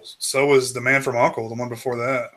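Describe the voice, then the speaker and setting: A man's voice: medium pitch, level tone, fast, fairly bright tone. A man co-hosting a casual movie podcast, easygoing, mostly agreeing with short replies and adding his own picks. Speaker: podcast co-host. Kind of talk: casual movie discussion chat.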